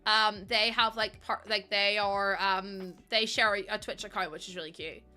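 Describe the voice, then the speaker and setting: A woman's voice: medium pitch, fairly even intonation, moderate pace, sharp tone, soft background music. A young woman, chatting casually and laughing with her stream chat, self-mocking and breaking into song. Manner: chatty, giggly, self-mocking, sings snatches of songs.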